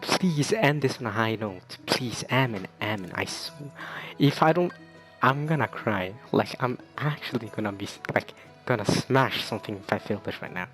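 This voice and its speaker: A young man giving casual let's-play commentary, excitable and stammering, repeating himself as he talks. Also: medium pitch, moderate pace, faint music behind. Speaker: gaming video creator.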